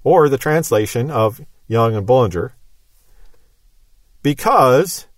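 A man's voice: on the high side, no room sound. A man giving a Bible teaching lecture, explaining step by step in an emphatic, methodical way.

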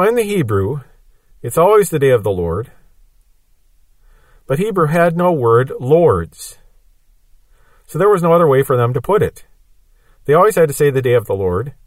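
A man's voice: on the high side, animated, normal speed, pauses often, no echo. A man giving a Bible prophecy lesson, explaining patiently with everyday examples. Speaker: Bible teacher.

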